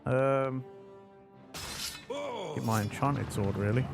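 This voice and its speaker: A man's voice: mid-range voice, measured pace, long pauses, faint music behind. Chatty swearing British streamer man. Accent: mild mixed British. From London. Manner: chatty, swears often, rambling. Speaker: game streamer. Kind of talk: casual gaming commentary.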